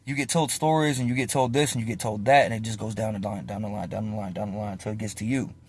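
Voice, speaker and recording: A man's voice: on the low side, steady tone, fast, slightly rough. A man in his twenties, ranting casually and profanely to the camera from inside a parked car, tossing in slang and "bro". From United States. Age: 20s. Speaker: vlogger.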